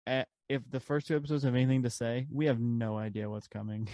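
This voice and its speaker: A podcast co-host chats casually, rambling with plenty of fillers and laughter. His mid-range voice is mellow and fast, and the recording is dry.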